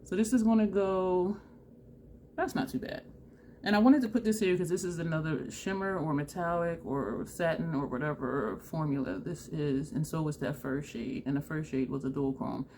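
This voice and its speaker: A woman vlogger chatting excitedly and laughing often as she talks viewers through a makeup tutorial. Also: deep voice, normal speed, few pauses, a little hiss or hum. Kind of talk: casual makeup tutorial chat.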